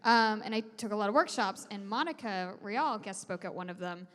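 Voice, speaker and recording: A woman's voice: mid-range voice, animated, a little fast, fairly bright tone. A woman who is a voice actress, chatting on a convention panel in a giggly, chatty way with many ums. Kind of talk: casual convention panel chat. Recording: echoey convention hall.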